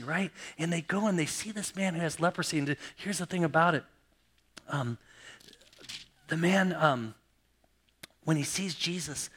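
A middle-aged man preaching from the pulpit with a bright, forceful voice that sits a little high for a man. He acts out the stories, bursting into loud exclamations and then dropping to hushed, nearly whispered lines. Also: breathy edge. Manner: dramatic storyteller, swings from loud exclamations to hushed near-whispers. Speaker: pastor. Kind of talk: sermon.

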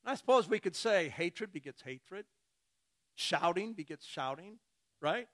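A man preaching in a high, lively voice that swoops up and down. He talks slowly and deliberately, acting out little back-and-forth exchanges and chuckling between his points. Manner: animated, acts out imagined dialogues. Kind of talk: sermon.

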